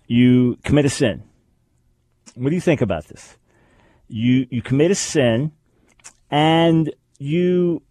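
A man's voice: mid-range voice, darkish tone, slightly rough, no echo. Emphatic male radio host, dry sound. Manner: emphatic, repeats key phrases. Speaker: radio talk show host. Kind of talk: radio teaching talk.

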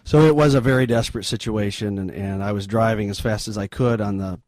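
A middle-aged man, a missionary guest in an interview, retelling a story in an earnest, halting, sombre way. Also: fairly low pitch, steady tone, a little mellow, dry recording.

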